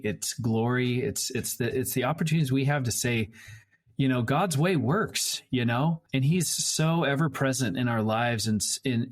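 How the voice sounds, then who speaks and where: A man hosting a faith podcast, reflecting warmly on a guest's story before moving to his closing question. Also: mid-range voice. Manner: reflective, affirming. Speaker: podcast host. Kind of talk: casual interview chat.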